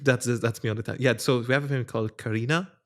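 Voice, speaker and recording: A young man with a gravelly edge hosts a relaxed podcast chat at an ordinary middle pitch. He tells quick stories, acting out the quoted voices, and laughs often along the way. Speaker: podcast host. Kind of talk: casual chat.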